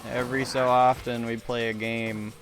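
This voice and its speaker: With music underneath, a young man delivers flat, normal-paced commentary at medium pitch while streaming a video game. He rambles loosely to his chat, cursing and mocking himself.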